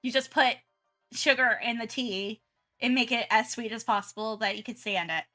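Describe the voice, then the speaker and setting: Bright, chatty woman streamer. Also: on the high side, moderate pace, soft background music. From Southern United States. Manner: chatty and giggly, many restarts and fillers. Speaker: art streamer. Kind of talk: casual chat while drawing on stream.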